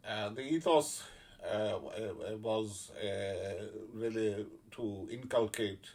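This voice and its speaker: A man giving casual spoken commentary, blunt and sardonic, swearing freely and pausing often on fillers. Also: fairly low pitch, a little mellow. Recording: voice a little far from the mic.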